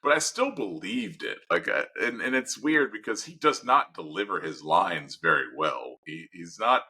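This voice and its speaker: A man's voice: low-pitched, animated, moderate pace, bright, forceful tone, husky, low-quality recording. A man co-hosting a casual podcast, talking through his opinions in long rambling turns with restarts. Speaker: podcast co-host. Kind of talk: casual chat.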